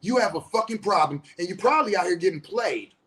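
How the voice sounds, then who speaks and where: Aave-speaking counselor guy going off, cussing, passionate, gets loud. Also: high voice, expressive, fast. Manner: passionate, blunt, heavy swearing, rising to shouts. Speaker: spiritual teacher and counselor. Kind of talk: impassioned profane monologue.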